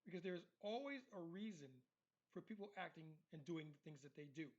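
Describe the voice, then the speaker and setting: A man's voice: on the high side, lively intonation, fairly quick. A man giving emphatic commentary in a monologue, repeating his points for stress. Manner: emphatic, repetitive. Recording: dull lo-fi recording.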